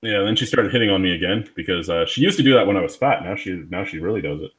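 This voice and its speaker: A man's voice: low voice, expressive, fast, a bit bright, rough recording. A man from Ontario hosting a casual beer review livestream, joking and rambling. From Ontario, Canada. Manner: joking, rambling, laughs often. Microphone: webcam setup at home.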